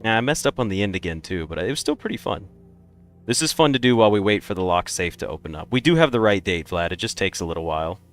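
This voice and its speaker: A man's voice: fairly low pitch, animated, fast talker, soft background music. A man streaming a game, chatting casually and rambling through opinionated takes. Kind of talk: casual live-stream chat.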